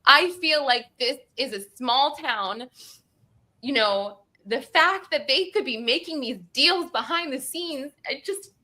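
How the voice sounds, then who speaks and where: A woman's voice: high voice, lively intonation, slow, sharp tone. A woman recapping a court hearing in emotional casual talk, rambling, quoting people, tearful and close to crying. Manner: rambling, quotes people in acted voices.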